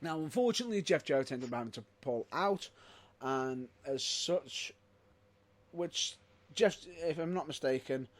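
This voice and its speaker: Excitable man, dry and close. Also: fairly high pitch, no echo. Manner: excitable, loud outbursts, rapid rambling asides. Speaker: podcast co-host. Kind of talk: casual chat.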